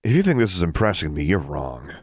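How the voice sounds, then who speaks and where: A man's voice: low-pitched, very animated, fast, darkish tone, no echo, studio quality, heavily acted. A man voicing an amused, cool older schoolgirl witch.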